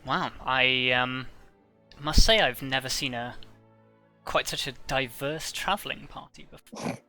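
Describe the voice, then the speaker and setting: A man voicing a warm, flirtatious female wood elf who talks in a gushing, welcoming way. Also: mid-range voice, unhurried, soft background music. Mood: charming.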